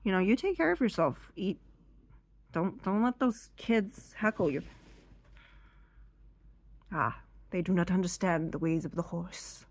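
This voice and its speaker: A woman voicing a wise, mystical horse that speaks slowly and solemnly in a hushed, half-whispered voice. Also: on the low side, lively intonation, dry recording. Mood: kindly.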